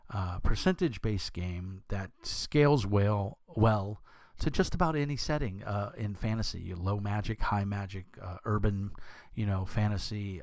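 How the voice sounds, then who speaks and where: A young man with a deep voice, talking casually as a channel host, rambling with many fillers and restarts. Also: gravelly, a little mellow, no room sound. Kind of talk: casual talk to camera.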